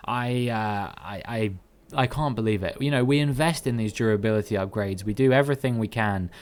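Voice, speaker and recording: A man's voice: on the low side, moderate pace, clear, resonant tone. Man commentating racing game with exasperated bursts. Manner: animated, frustrated outbursts between steady play-by-play. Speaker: gaming commentator. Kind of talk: recap commentary over racing gameplay.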